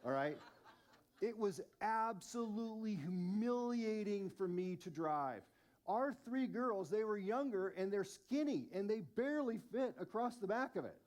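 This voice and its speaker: A man in his forties preaches with a high, lively voice. He tells self-mocking stories with animated energy, in a relaxed sermon style. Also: unhurried. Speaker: lead pastor.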